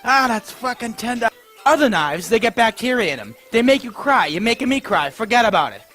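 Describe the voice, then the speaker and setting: A man playing a crude, foul-mouthed pitchman in a comedy sketch parody ad. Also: big pitch swings, a little fast, soft background music, heavily acted. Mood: brash. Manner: profane, brash, shouts in pain at mishaps.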